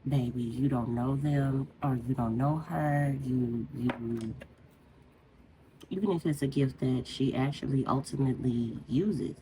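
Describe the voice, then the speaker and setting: A woman's voice: extremely low pitch, unhurried, background noise. A woman beauty vlogger talking casually and heartfelt as she rambles through a personal story while doing her makeup.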